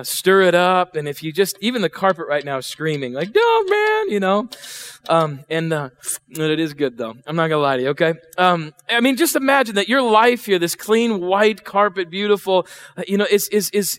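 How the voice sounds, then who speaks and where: Here the church sermon comes from a middle-aged pastor with a fairly high, fairly bright voice at normal speed. His style is conversational, full of questions for the congregation and acted-out voices.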